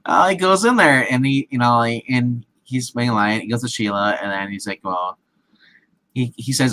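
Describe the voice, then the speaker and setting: A man's voice: mid-range voice, normal speed, bright, forceful tone, poor audio. A man casually retelling a film scene with many restarts and acted-out quotes, as a movie show co-host. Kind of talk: casual movie recap chat.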